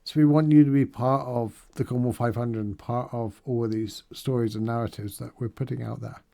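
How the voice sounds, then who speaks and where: A man's voice: medium pitch, steady tone, brisk, vocal fry, dark tone. A middle-aged man giving a casual, upbeat video-diary recap of a charity challenge day, chatty and rambling with fillers and asides.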